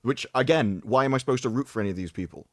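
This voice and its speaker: Fast-talking, puzzled male guest. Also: medium pitch, lively intonation, dry recording, clean studio sound. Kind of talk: casual chat.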